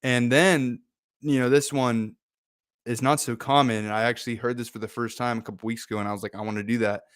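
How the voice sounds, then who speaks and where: A laid-back man hosts a casual motivational talk, chatty and loose and full of fillers. His voice is smooth and clear, and it sounds dry and close. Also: medium pitch, level tone, brisk, no echo. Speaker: host.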